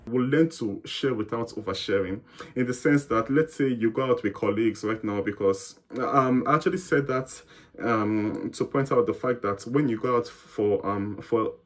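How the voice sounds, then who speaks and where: A young man from Nigeria talks through his experiences as an interview guest. His voice sits at an ordinary middle pitch, and he rambles in a friendly way, restarting sentences and acting out conversations. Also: moderate pace. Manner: chatty, explains with many fillers and restarts, acts out quoted exchanges. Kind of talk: casual interview chat.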